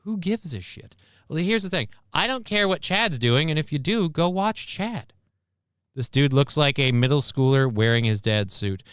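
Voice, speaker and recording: A man's voice: a little high, very animated, moderate pace, fairly bright tone, clear, resonant tone, no room sound, clean studio sound. Blunt, sarcastic male streamer. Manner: blunt, sarcastic, swears often. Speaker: livestream host. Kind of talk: casual commentary reacting to news clips.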